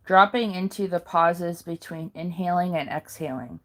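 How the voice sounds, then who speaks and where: A woman reading handouts aloud in a careful, halting way, pausing and correcting herself now and then. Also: fairly low pitch, fairly bright tone. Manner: slow careful reading with pauses and self-corrections. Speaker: video maker.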